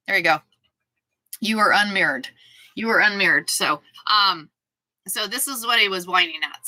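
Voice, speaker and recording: Bright, chatty woman greeting her viewers. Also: mid-range voice, animated, normal speed, dry recording, rough recording. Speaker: sewing livestream host. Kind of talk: casual livestream chat.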